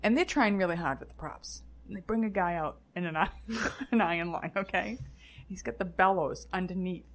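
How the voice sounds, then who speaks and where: A woman's voice: fairly low pitch, fairly quick. A woman co-hosting a casual podcast, swearing freely and telling comic side stories with lots of laughter. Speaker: podcast co-host. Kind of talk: casual chat.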